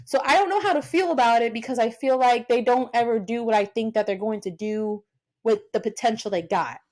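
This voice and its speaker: Young woman, high voice, casual podcast chat, animated, swears a lot. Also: a little fast. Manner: animated, swears freely, acts out her own reactions. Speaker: podcast co-host.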